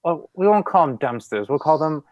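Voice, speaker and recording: A man's voice: a little high, animated, brisk, dry recording, lo-fi sound, lightly acted. A man voicing a posh, snooty aristocratic cat who has fallen on hard times. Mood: genteel. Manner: snooty, genteel.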